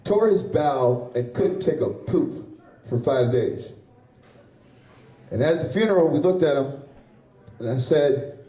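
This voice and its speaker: A sweaty man works through a loose, crude stand-up set, laughing at his own jokes between lines. His voice sits high but has a mellow, dark tone. The sound is picked up from some way off, with the hard echo of a small bar. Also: lively intonation, a little slow, long pauses. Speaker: stand-up comedian. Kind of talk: stand-up set at an open mic. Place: small bar or club with a live audience. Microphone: handheld stage mic. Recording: echoey room from far off.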